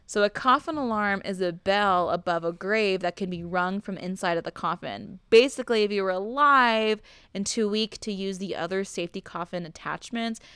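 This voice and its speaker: A woman's voice: medium pitch, normal speed, a bit bright, smooth, no echo, studio quality. A young woman hosting a casual podcast, telling a spooky history story in a chatty way, swearing freely and laughing as she goes. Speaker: podcast host.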